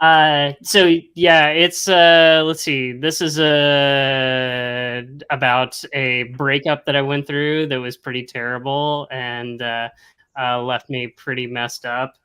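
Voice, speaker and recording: A man's voice: mid-range voice, level tone, slow, bright, forceful tone, clear, resonant tone. A man, the singer of a band, chatting as a podcast guest in a laid-back, self-deprecating way. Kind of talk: casual interview chat.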